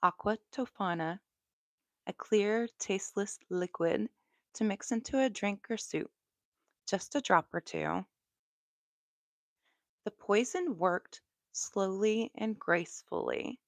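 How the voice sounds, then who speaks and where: A woman with a Southern American accent telling true crime stories on a live stream in a relaxed, chatty way, with asides. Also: mid-range voice, slow, creaky, long pauses, no room sound, clean studio sound. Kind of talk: live storytelling.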